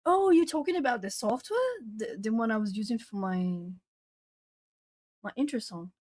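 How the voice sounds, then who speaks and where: A woman's voice: fairly high pitch, lively intonation, normal speed, a little mellow, dry recording. A young woman chatting casually with viewers and reading their comments aloud; she laughs often and repeats or restarts words. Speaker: art channel host.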